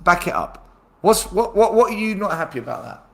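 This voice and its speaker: A man's voice: high-pitched, big pitch swings, a little fast, creaky, a bit bright. A man hosting a football fan livestream, chatting casually and reading out viewer comments with playful banter. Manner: hype-man introductions, banter. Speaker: host of fan watchalong show. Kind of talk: casual chat with live chat readers.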